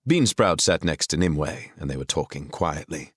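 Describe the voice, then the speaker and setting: A man narrating a fantasy audiobook with expressive storytelling on a close studio mic. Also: a bass voice, moderate pace, husky, no room sound. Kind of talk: scripted narration.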